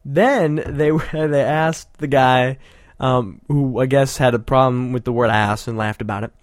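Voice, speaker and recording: A man's voice: mid-range voice, steady tone, unhurried, no room sound, clean studio sound. A man hosting a show, giving casual, sarcastic, rambling commentary with frequent laughter. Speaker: podcast host.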